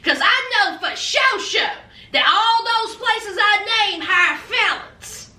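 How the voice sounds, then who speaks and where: Sassy high-voiced woman recapping gossip. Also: animated, slow, pushed and bright. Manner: sassy, chatty, acts out quotes in changing voices. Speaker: reality TV recap host. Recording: echoey room, mic at a distance.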